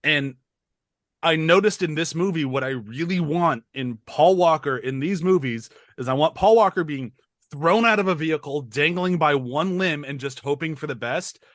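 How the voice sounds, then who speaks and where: A man's voice: a little high, moderate pace, no room sound. Chatty man with a dry close sound. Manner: rambling, filler-heavy, enthusiastic. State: over-caffeinated. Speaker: podcast co-host. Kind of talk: casual movie discussion.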